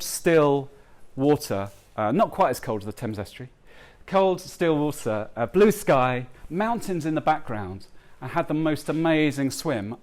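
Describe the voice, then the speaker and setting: A man giving a heartfelt, halting talk to a live audience at a book launch, with many pauses and restarts. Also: on the high side, darkish tone. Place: live event before an audience.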